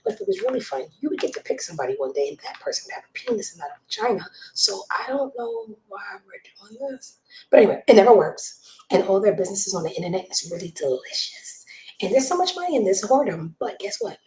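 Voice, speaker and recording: A woman's voice: medium pitch, sing-song, rapid-fire. Blunt woman gossip host, roomy sound. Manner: blunt, judgmental, swings between loud outbursts and hushed asides. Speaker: show host. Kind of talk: casual gossip commentary. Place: home room with a child nearby. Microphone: desk mic.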